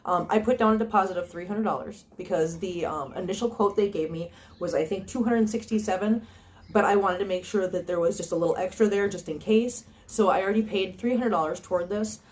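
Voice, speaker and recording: A woman's voice: mid-range voice, brisk, darkish tone. Chatty woman vlogging on her phone. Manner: chatty, earnest, many ums and restarts. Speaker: cat channel vlogger. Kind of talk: casual vlog talk to viewers.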